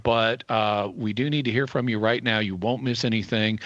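A man's voice: on the low side, fairly even intonation, a bit bright, no echo. Male co-host, earnest pledge appeal, dry, slightly muffled radio sound. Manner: earnest, measured, quotes scripture. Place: radio studio.

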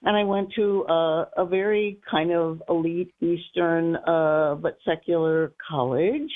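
A woman's voice: fairly low pitch, steady tone, measured pace. Chatty older woman on a tinny phone line. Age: 60s. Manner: chatty, eager, rambling. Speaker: caller. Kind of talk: phone-in call. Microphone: telephone.

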